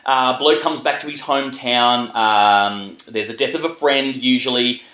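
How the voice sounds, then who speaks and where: A man's voice: medium pitch, unhurried, roomy sound, highs cut off. An Australian man giving a casual, rambling film review, with plenty of swearing and filler words. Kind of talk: casual spoken movie review.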